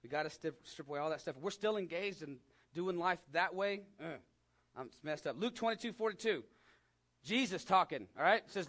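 A man with a West Texas accent preaching a sermon in a conversational way, rising to emphatic peaks and dropping to hushed asides. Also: on the high side, lively intonation, fairly quick. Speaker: pastor.

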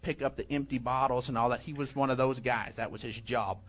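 A man's voice: medium pitch, fairly even intonation, a little fast, fairly bright tone. A middle-aged man, preaching a conversational sermon and telling stories. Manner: conversational preaching with storytelling asides. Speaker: pastor.

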